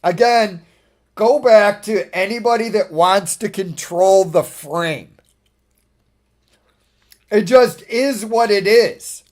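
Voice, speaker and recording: Male streamer, high voice, slow drawl, swearing, laughing, exasperated. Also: a little mellow. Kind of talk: casual ranting monologue.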